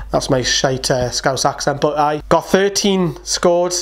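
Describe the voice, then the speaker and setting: A man's voice: on the high side, fairly even intonation. Fan host, man, Geordie accent; chatty, opinionated match-preview delivery. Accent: Newcastle (Geordie). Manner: chatty, opinionated, quick asides. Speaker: football fan channel host. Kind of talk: casual match preview to camera.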